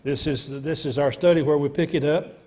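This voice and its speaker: A man's voice: on the high side, fairly even intonation, fairly quick, dark tone. A man, a pastor, leading a Bible study and explaining verses step by step while asking the class questions. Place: church.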